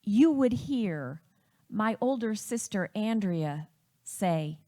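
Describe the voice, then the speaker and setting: A woman from Wisconsin telling a personal family story in a reflective, unhurried way. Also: medium pitch, expressive, mellow.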